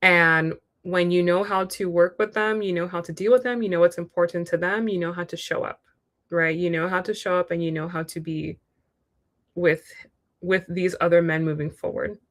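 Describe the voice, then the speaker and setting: A woman's voice: fairly low pitch, steady tone, normal speed, fairly bright tone. Chatty, frank woman reading tarot. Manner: chatty, frank, acts out quoted voices. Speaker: tarot reader. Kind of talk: live-stream tarot reading.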